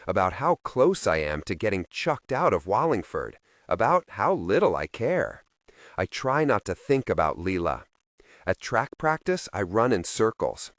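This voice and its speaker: Low-voiced male audiobook narrator. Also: no room sound, clean studio sound. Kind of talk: first-person audiobook narration.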